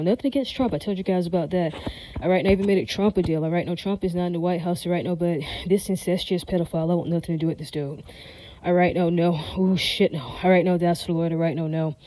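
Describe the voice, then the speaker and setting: Fast-talking woman, insistent, low and mellow. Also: dry recording, low-quality recording. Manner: emphatic, repeats "all right, now" and "does that make sense?"; defiant, insistent tone. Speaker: vlogger addressing viewers. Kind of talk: rambling direct-to-camera monologue.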